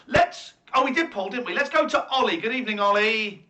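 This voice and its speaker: A man hosting a late-night radio phone-in, excitable and jokey, ranting and laughing easily in a studio. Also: high voice, a little fast. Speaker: radio show host.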